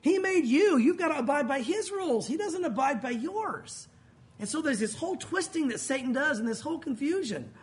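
Male pastor preaching, conversational delivery with a lively, swinging pitch. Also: a little fast. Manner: conversational preaching, acts out quoted voices. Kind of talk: sermon.

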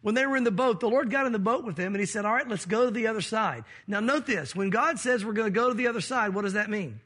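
A male pastor with a high, husky, fairly bright voice delivers a sermon at a quick pace. As he works through the scripture, he occasionally acts out the voices of people in the story.

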